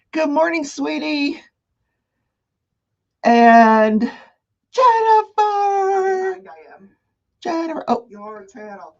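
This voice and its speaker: A woman hosting a casual live morning crafting show, chatting excitedly and greeting her viewers by name. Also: a little high, highs cut off. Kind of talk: casual live-stream chat.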